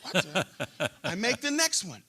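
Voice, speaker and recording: A middle-aged man, a pastor, telling a story in a church interview and acting out shouting crowds. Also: sits high, a little slow, breathy edge. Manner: animated storyteller, acts out crowd chants.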